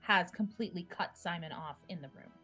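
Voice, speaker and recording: A woman narrating a tabletop game as game master, calm and descriptive. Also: fairly low pitch, fairly quick, music in the background.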